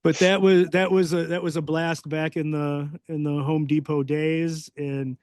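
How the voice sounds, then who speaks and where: A man's voice: a little high, measured pace, no room sound, studio quality. A man hosting a podcast, telling stories in casual chat and acting out quoted voices with gusto. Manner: animated storyteller, acts out quoted voices loudly. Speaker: podcast host.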